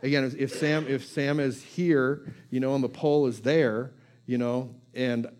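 A man's voice: medium pitch, fairly even intonation, measured pace, a little mellow. A male pastor giving a conversational sermon, repeating phrases and building emphasis with informal asides.

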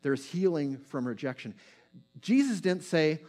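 A man delivering a sermon as a pastor, moving between quick bursts and slow, hushed phrases. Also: on the high side.

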